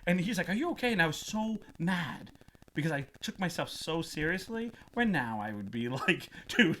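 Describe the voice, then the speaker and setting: Podcast host, male, high bright voice, wildly animated storyteller who keeps laughing and acting out voices. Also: normal speed. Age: adult, past twenties. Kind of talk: casual comic storytelling.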